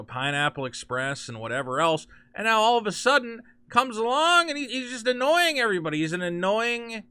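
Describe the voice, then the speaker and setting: Sarcastic ranting man, lively high voice. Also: no room sound. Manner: sarcastic, animated, mocking quoted voices. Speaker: commentary channel host. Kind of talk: ranting commentary with screen share.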